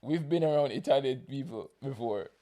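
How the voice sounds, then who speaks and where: A man's voice: mid-range voice, moderate pace, dark tone. A young Jamaican man co-hosting a casual podcast chat, playful and teasing. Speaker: podcast co-host.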